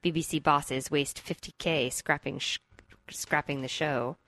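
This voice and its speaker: Low-voiced woman on a dry podcast mic. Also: fairly even intonation, unhurried, fairly bright tone, no echo. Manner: easygoing, reads news items aloud. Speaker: podcast co-host. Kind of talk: casual podcast banter.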